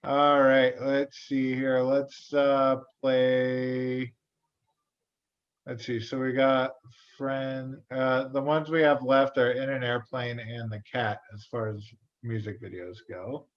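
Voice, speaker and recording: A man's voice: medium pitch, little pitch movement, slow. A man co-hosting a casual livestream, thinking aloud and hesitating. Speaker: co-host. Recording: roomy, dull lo-fi sound.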